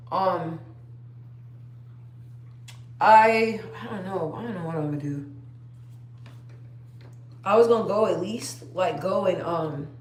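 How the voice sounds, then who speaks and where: A young woman chatting casually on a phone live stream, rambling and trailing off. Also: on the low side. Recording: roomy echo.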